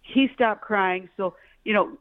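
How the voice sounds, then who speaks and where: Lebhafte Ärztin, erzählt am Telefon. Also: female voice, medium pitch, measured pace, dry recording. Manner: animated, acts out quoted voices, repeats words when excited. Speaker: fertility doctor, guest. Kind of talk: casual chat, personal storytelling. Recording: tinny phone line, dry.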